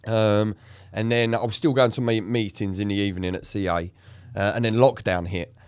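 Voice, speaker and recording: Bloke on a podcast, low voice, dry close sound, swears a lot, tells it raw. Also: male voice, fairly even intonation, moderate pace, clean tone, no echo. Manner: emotional, swearing, acts out quoted lines. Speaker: podcast co-host in recovery. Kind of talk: candid conversational storytelling.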